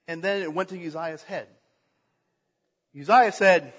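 Male preacher reading and expounding scripture, husky high voice, dull lo-fi recording. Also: unhurried, pauses often, fairly bright tone, big-room sound. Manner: earnest, reading aloud with small slips and restarts.

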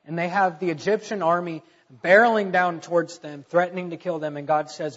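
A man's voice: high voice, fairly even intonation, brisk, a bit bright, in a large hall, muffled recording. A man preaching a conversational sermon, telling the story in casual talk with fillers and stressing key points.

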